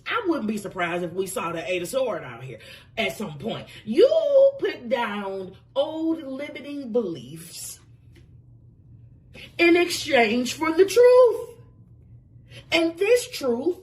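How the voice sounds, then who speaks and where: Woman, tarot reader, high and swooping voice, unhurried delivery, emphatic, salty language, pet names for the listener. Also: darkish tone, distant mic. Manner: emphatic and effusive, swears casually, calls the listener pet names. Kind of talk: casual intuitive tarot reading.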